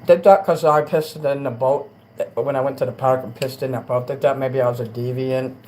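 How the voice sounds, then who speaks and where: A man hosting a casual late-night livestream, rambling and crude, dropping to mutters and then rising into loud rants. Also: mid-range voice, fairly even intonation, brisk, low-quality recording. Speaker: livestream host.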